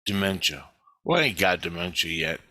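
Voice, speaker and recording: A man's voice: deep voice, expressive, normal speed, sharp tone, dry recording. A middle-aged man rambling through a blunt, profane personal monologue about his spiritual life. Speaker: spiritual vlogger.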